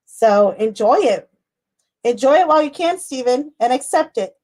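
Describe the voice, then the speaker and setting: High-voiced chatty tarot reader woman. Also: expressive, normal speed, darkish tone. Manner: chatty, rambling, laughs often, swears casually. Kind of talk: casual livestream chat.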